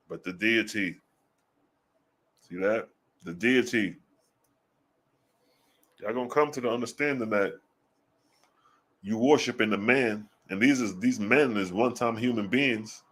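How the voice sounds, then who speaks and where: A man giving casual religious commentary, blunt and profane, firing off rhetorical questions and slowing down to read scripture aloud. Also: medium pitch, fairly bright tone, breathy edge. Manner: reads scripture slowly and deliberately.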